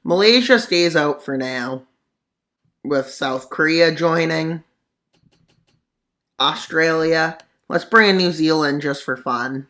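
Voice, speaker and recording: Casual map narrator, bright voice, keeps going off on sarcastic tangents. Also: medium pitch, expressive, takes it slowly. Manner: sarcastic, rambling asides. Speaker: mapping video narrator. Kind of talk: casual scenario commentary over a map.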